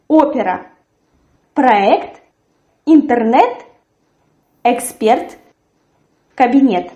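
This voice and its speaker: A woman teaching a language lesson, articulating words clearly and repeating them for learners. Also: high-pitched, darkish tone, reverberant, dull audio. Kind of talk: slow, careful language lesson.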